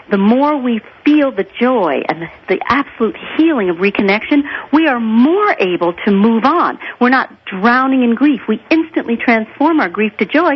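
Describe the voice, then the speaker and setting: Woman radio guest, husky, earnest storyteller, muffled broadcast sound. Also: medium pitch. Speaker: guest therapist and author. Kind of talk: radio interview.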